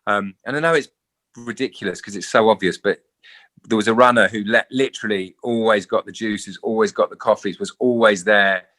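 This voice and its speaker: A middle-aged English actor, a guest in a casual interview, telling stories animatedly and acting out quoted voices. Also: male voice, on the low side, fairly even intonation, brisk, bright, forceful tone. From England.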